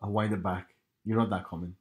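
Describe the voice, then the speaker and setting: A young man with a soft rural Northern Irish accent, co-hosting a casual podcast and chatting with a friend. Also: fairly low pitch, steady tone, fairly quick. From Northern Ireland. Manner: chatty, retells sketches with put-on voices. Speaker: podcast co-host. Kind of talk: casual chat.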